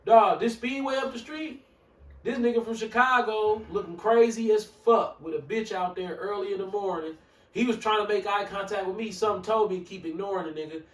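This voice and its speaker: A man with a Milwaukee accent telling a profane, animated story on a casual talk show, acting out the people in it and sometimes shouting. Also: high-pitched, fairly quick. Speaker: show regular. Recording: roomy echo, mic far off.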